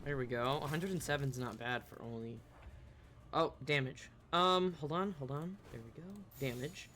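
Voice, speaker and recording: A streamer giving live commentary over a game, blurting quick excited reactions and the odd swear, and reading game dialogue aloud in between. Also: mid-range voice, a little hiss or hum.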